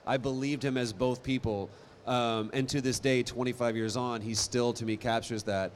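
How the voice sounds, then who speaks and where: A man talking on a convention stage, telling stories with energy and quick asides. His voice sits at a middle pitch. A faint hum of ambience runs under the hall recording. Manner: animated storytelling, quick asides. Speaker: convention panel guest. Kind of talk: casual panel talk.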